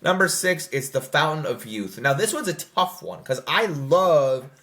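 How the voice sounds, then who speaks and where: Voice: medium pitch, expressive, a little slow, a bit bright. A young adult film reviewer in casual, rambling commentary, full of fillers and self-corrections, who slips into mocking quoted voices.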